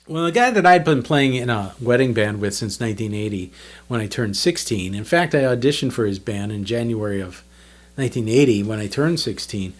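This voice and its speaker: A man in his fifties recounts his gigging days in a loose, chatty monologue. He rambles, restarts his sentences and keeps the tone casual. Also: medium pitch. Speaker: channel host, drummer.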